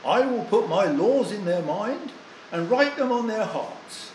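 An older man preaching a sermon, deliberate and emphatic, leaning hard on single words. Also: high voice, animated, roomy sound, a little hiss or hum, low-quality recording.

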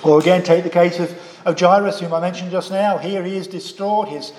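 A man's voice: high-pitched, fairly even intonation, darkish tone, a little hiss or hum. Preaching man in an echoing hall. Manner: measured, with rhetorical questions to listeners. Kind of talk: sermon. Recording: echoey hall with long reverb.

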